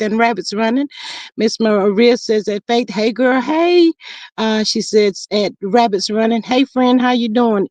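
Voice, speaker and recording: Lady hosting a live chat stream, chatty and lively, dry close sound, reads comments out loud. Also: no room sound. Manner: chatty, lively, drawn-out greetings, sudden high exclamations.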